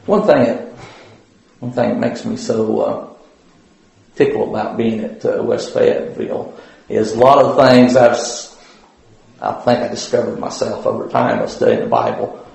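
A man's voice: medium pitch, vocal fry, darkish tone. A man giving an informal Bible lesson at church in a folksy, rambling way, with many fillers and restarts. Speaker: Bible study teacher. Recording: very echoey room.

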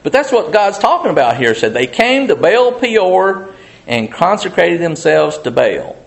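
A man's voice: high-pitched, very animated, measured pace, creaky. Male Bible teacher, casual and folksy, rambling storyteller with many fillers.

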